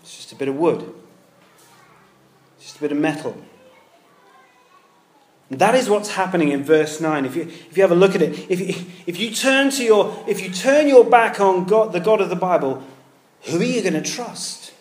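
A man preaching a sermon in a lively, conversational way, dropping in everyday comparisons. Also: high voice, normal speed, long pauses. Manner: lively, conversational with pop-culture asides. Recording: echoey room.

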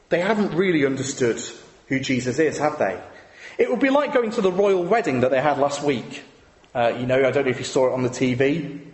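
A man preaching a sermon, conversational and full of rhetorical questions. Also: a little high. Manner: conversational, asks the congregation rhetorical tag questions. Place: church. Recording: echoey hall with long reverb.

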